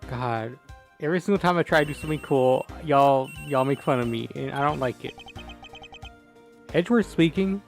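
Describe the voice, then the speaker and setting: A man's voice: medium pitch, a little fast, creaky, soft background music. A young man streaming a game, chatting casually and gasping at what he sees. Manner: excitable, gasping, playful. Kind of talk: casual gaming commentary.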